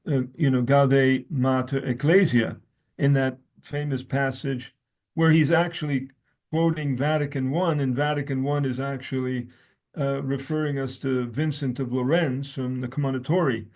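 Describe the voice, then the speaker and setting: A man's voice: mid-range voice, steady tone, moderate pace, darkish tone. A man talking as a guest scholar, reading from his own essay and quoting sources, often restarting his sentences.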